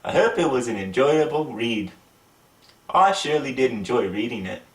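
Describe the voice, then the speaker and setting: A man's voice: mid-range voice, moderate pace, distant mic. A man reads a children's storybook aloud in a put-on British accent, his voice rising and falling with the story. He sits back from the mic in an echoey room. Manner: lively, voices the characters. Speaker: reader of a children's book.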